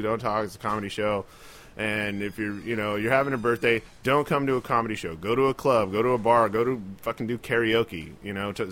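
Bright-voiced man telling comedy-club stories. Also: on the low side. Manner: profane, loose storytelling with mimicked voices. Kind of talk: casual podcast chat.

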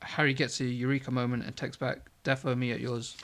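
Guy reading out his sketch script, quiet and halting, lots of uhs, bright clear tone. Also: level tone, slight background noise. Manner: reads in a low, hesitant voice with many uhs. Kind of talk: reading a script aloud, then casual chat.

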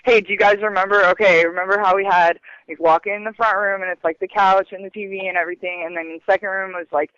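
A man in casual chat, animated and acting out quoted lines. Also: sits high, quick pace, hardly any pauses, smooth, no echo. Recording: dull lo-fi sound.

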